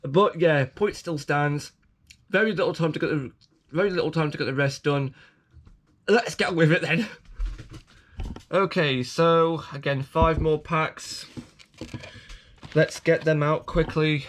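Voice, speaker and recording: A man's voice: on the high side, a little slow, pauses often, fairly bright tone. A man rambling through a casual toy unboxing, self-mocking and prone to fits of giggling.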